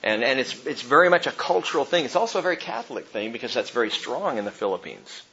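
A man preaching a sermon as pastor, impassioned, jumping from loud outbursts to hushed tones. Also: mid-range voice, big pitch swings, fast talker, lo-fi sound.

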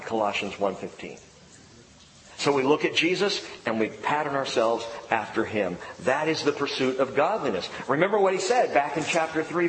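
A man's voice: fairly high pitch, a bit bright, a little hiss or hum. A middle-aged man preaching a sermon as pastor, emphatic and repeating key phrases. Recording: echoey hall with faint ambience.

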